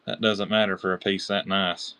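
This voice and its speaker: Kentucky man, low-pitched, excitable live auction seller who keeps naming his bidders. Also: moderate pace, very noisy. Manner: chatty, excited, calls out bidders by name. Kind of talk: live-stream auction selling.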